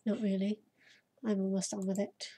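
Woman reading an aloof, bookish bird boy; soft, flat and curt. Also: medium pitch, normal speed, pitched below the performer's own voice, lightly acted.

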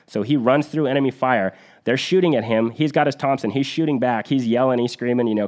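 A man's voice: medium pitch, brisk, darkish tone. A man hosting a podcast, retelling a battle story in an earnest, vivid conversational way, with restarts and fillers. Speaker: podcast host.

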